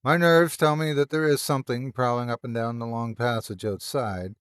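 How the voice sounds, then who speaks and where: A man voicing Barnes, a nervous but rational young man in a read-aloud ghost story, speaking in uneasy, measured tones. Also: medium pitch, steady tone, fairly bright tone, smooth, no echo, studio quality, close to an everyday voice.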